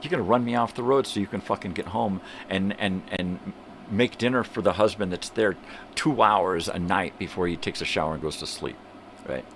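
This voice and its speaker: There's a little hiss or hum behind this older man's low-pitched voice as he talks at normal speed. Hosting a morning livestream from a home room with a fan running, he rants hotly, swears plenty and imitates others to mock them.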